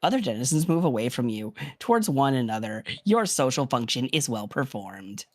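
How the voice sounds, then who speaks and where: A man reading game narration aloud with a tiring, slightly hoarse throat, in a steady, measured way. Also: mid-range voice. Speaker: streamer reading game text.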